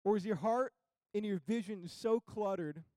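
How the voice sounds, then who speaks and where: A young man preaching a sermon as pastor, conversational and casual, building to emphatic high peaks. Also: normal speed, dark tone, no echo, clean studio sound.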